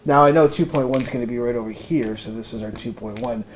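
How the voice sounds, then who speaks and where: A man's voice: mid-range voice, fast. A man giving an informal math lesson, thinking aloud with many fillers and restarts. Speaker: math teacher. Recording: noisy room recording.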